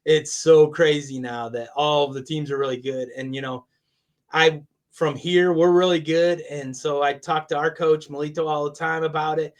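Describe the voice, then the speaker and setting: A man speaks as a guest on a college sports podcast. He talks enthusiastically in a conversational way and laughs often. His voice sits a little high. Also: steady tone, normal speed. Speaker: guest, college athletics communications director. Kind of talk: casual interview chat.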